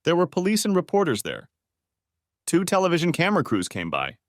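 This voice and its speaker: A man's voice: fairly high pitch, huge pitch swings, brisk, no room sound, clean studio sound, voice pushed up. A man voicing a distraught adult wife who pleads and defends herself, in a story reading. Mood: upset.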